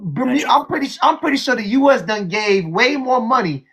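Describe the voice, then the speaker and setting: A man hosting a heated call-in livestream, loud, profane and mocking, often repeating himself. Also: very high voice, lively intonation, a little fast, husky. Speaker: livestream host.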